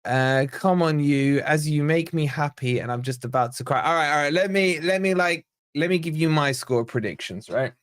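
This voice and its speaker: This is a live football stream, and the host, an Englishman, talks eagerly and reads his viewers' chat aloud as they watch along together. He speaks smoothly at a normal speed with few pauses, in a slightly high voice. The sound is dry and of studio quality.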